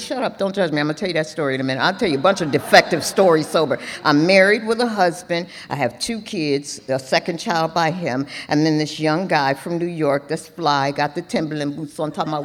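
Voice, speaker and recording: A woman's voice: low-pitched, fairly quick, few pauses. Passionate, preachy middle-aged woman. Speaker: speaker at a recovery meeting. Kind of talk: personal testimony with comedic asides. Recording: echoey hall, faint ambient noise.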